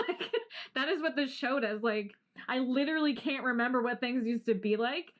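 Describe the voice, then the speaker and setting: A young adult woman co-hosting a podcast in casual chat, animated, laughing often and swearing freely. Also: high-pitched, moderate pace. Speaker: podcast co-host.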